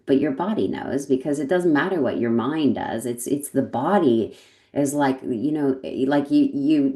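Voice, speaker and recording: A woman's voice: extremely low pitch, warm tone. A woman talking as a guest in a thoughtful, reflective way, laughing often and trailing off mid-sentence. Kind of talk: reflective conversation. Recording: roomy echo.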